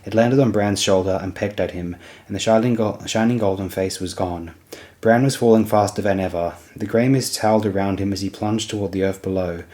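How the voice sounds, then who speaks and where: Low-voiced man reading an audiobook. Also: steady tone, fairly quick, warm tone. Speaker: audiobook narrator. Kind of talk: audiobook narration.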